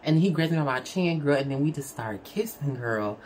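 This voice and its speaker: A woman with a low-pitched voice tells a personal story in relaxed storytime fashion. She is chatty and candid, talking to the viewer like a close friend. There is a faint noise floor behind her. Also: moderate pace. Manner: chatty, candid, addresses the audience as "girl" and "y'all"; animated, with big swings in pitch. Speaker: storyteller vlogger. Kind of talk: casual storytime chat.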